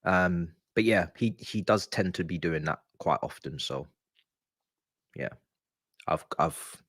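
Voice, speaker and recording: A man's voice: deep voice, slow, fairly bright tone, slightly rough, no room sound, studio quality. A man hosting a live football watch-along, ranting in frustration and dropping into muttered asides. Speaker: live stream host.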